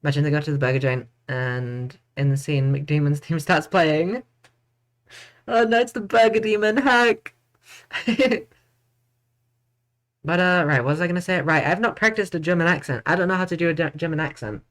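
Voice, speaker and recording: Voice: medium pitch, fairly even intonation, fast talker, few pauses, fairly bright tone. A streamer commenting playfully and chattily on a courtroom game, reading lines aloud and joking along the way. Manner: playful, chatty, laughs at own jokes.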